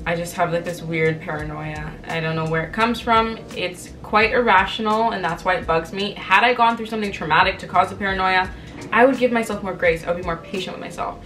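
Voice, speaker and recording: A woman's voice: on the low side, a little fast, distant mic, soft background music. A woman in her twenties, a vlogger talking candidly to camera in a casual, chatty way and acting out what people said. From Canada. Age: 20s. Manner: chatty, candid storytelling with lively quoted voices.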